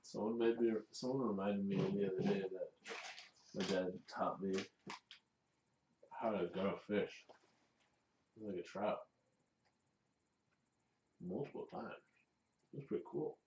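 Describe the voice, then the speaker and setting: A man's voice: low voice, measured pace, pauses often, darkish tone. A man co-hosting a casual podcast, telling laid-back stories and laughing easily. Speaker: podcast co-host. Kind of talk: casual chat. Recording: roomy, distant, dull, faint hiss.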